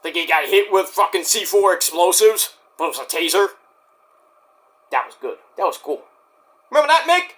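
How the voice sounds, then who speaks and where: A man's voice: high voice, moderate pace, fairly bright tone. A man reviewing a wrestling show in casual chat, rambling, sarcastic and profane.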